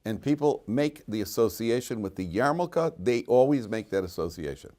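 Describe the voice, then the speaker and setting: A man's voice: medium pitch, animated, normal speed, mellow. A middle-aged man, a rabbi giving an informal Torah lecture to students, who acts out voices in his stories and laughs at his own jokes. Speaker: rabbi teaching a weekly Torah class. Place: classroom at a Jerusalem yeshiva.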